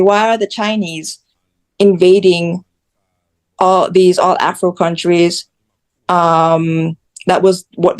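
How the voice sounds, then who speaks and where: A woman's voice: fairly low pitch, a little mellow. A woman from Jamaica, a guest telling her story in a blunt, candid way. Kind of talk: casual interview chat.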